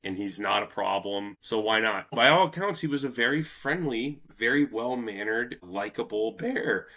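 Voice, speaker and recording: Man, podcast host, bright forceful voice, swearing, animated storyteller. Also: lowish voice, moderate pace. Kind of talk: casual history podcast chat.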